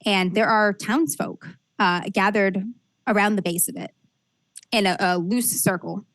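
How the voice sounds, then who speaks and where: A woman's voice: mid-range voice, a little slow, fairly bright tone, no room sound. A woman narrating a tabletop role-playing game as game master, describing scenes with frequent fillers and restarts.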